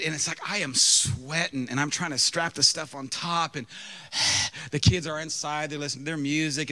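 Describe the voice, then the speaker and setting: A pastor in his thirties telling a humorous, self-mocking story during a sermon, with lively, animated delivery. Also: mid-range voice.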